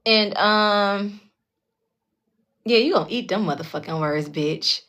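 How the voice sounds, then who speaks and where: A woman host speaks at a middle pitch, telling her own story in a loose, candid monologue. She swears freely, keeps asking her listeners whether they follow, and slips into the voices of the people she talks about. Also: takes it slowly, long pauses. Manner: blunt, heavily profane, keeps checking in with listeners; animated, acts out the other people in her story. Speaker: tarot channel host telling a personal story.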